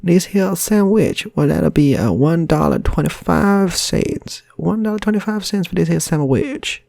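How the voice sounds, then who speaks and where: A man voicing a folksy male American shopkeeper with a high, twangy Southern drawl. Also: lively intonation, unhurried, vocal fry, a little mellow, dry recording, clean studio sound.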